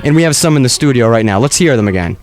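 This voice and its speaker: A man's voice: medium pitch, animated, very fast, slight background noise. A man hosting a comedy podcast, rambling through a mock-earnest monologue with many restarts. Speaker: podcast host.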